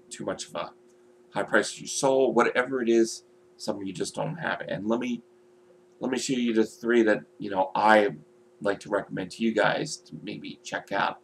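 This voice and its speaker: A man's voice: fairly low pitch, vocal fry, a little hiss or hum. A man vlogging casually, rambling and swearing, with many "you know" fillers. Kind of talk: casual video vlog.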